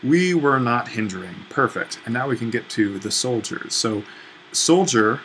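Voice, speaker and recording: A man's voice: medium pitch, animated, normal speed, fairly bright tone, slight background noise, poor audio. A man teaching a language lesson, walking through an exercise step by step while thinking aloud, with fillers and self-corrections. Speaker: Greek teacher.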